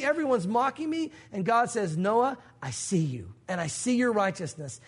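A man with a very high voice preaches to his congregation. He tells stories and acts out the voices of the people in them. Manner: storytelling, acting out quoted voices. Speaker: pastor. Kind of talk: sermon.

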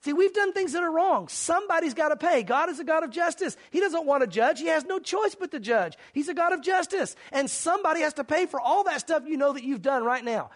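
A man with a very high voice preaches in an earnest, dramatic style. He acts out scenes as he speaks and makes an urgent, pleading appeal to his listeners. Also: expressive, brisk, few pauses. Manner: dramatic, acts out mocking crowds and shouts; earnest, pleading altar call. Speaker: pastor. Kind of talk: sermon.

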